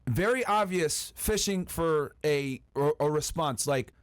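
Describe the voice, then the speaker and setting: A man's voice: fairly high pitch, slight background noise. A man co-hosting a podcast, giving his commentary on a recorded call. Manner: quick, lively commentary. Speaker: podcast co-host.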